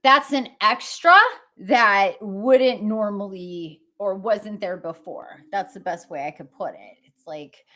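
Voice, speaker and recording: A woman talks to her livestream audience at an unhurried, drawn-out pace. She meanders through casual chat, piles on fillers and restarts sentences, and breaks into easy laughs along the way. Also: medium pitch, sharp tone. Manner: laughs easily while talking. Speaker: livestream host.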